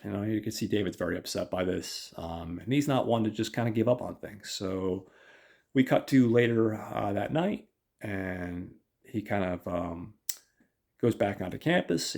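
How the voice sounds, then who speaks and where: A man's voice: on the low side, creaky, darkish tone. A man hosting a podcast, casually recapping an episode in a hesitant way with many fillers. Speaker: podcast host.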